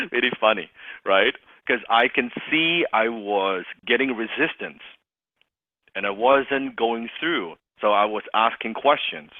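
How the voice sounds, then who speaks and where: A man's voice: fairly low pitch, a little slow, no echo. A man coaching salespeople on a call, acting out sighs and bits of dialogue as he explains. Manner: animated, acts out sighs and dialogue. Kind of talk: coaching call with role-play examples. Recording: phone-like call audio.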